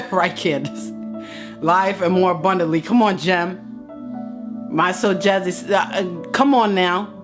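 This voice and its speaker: A woman hosting a live stream, giving a fervent, faith-based pep talk while she works out, sweaty and winded, and building to excited outbursts. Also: on the low side, slow, pauses often, over music. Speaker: motivational live-stream host.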